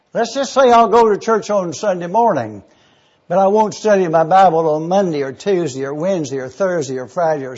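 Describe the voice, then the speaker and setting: A man's voice: a little high, darkish tone, husky, lo-fi sound. A man preaching a sermon, eagerly teaching word meanings and spelling terms out letter by letter. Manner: enthusiastic teaching.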